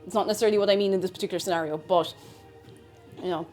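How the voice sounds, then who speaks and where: A woman's voice: on the low side, steady tone, very fast, a little mellow, faint music behind. A woman with an Irish accent, a streamer chatting casually while she cooks, rambling and often cutting herself off mid-sentence. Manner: rambling, chatty, self-interrupting. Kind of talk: casual chat while cooking.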